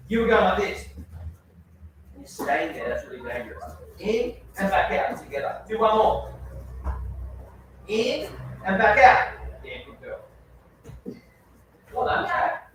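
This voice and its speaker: Male karate coach, upbeat and encouraging with students; higher voice, distant mic in a booming echoey training hall. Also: very animated, measured pace, long pauses, a bit bright, slight background noise. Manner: encouraging, praising students often. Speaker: karate instructor. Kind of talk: coaching a children's class.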